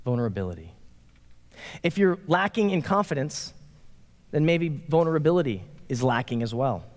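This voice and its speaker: Pastor, forties, male, bright and high; chatty, animated sermon delivery in a church sanctuary. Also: moderate pace. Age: 40s. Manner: animated, playful, acts out quotes. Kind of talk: casual conversational sermon. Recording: long reverb of a large hall.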